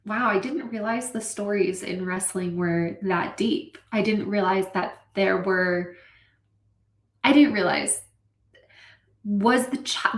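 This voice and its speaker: A woman hosting a casual stream, chatting animatedly and reading out viewer comments with quick asides. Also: medium pitch. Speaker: streamer hosting a writing session. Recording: roomy echo.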